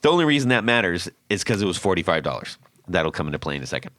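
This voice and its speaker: A man hosting a podcast, telling a story in a casual, animated way and acting out what people said. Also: deep voice, racing, no echo, clean studio sound. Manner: animated, acts out quotes with laughs. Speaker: podcast host.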